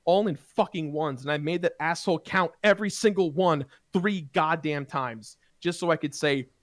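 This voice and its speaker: A man casually telling a heated personal story to friends, animated and profane, with rambling restarts. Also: fairly high pitch, moderate pace, dry recording, clean studio sound. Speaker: gaming show regular.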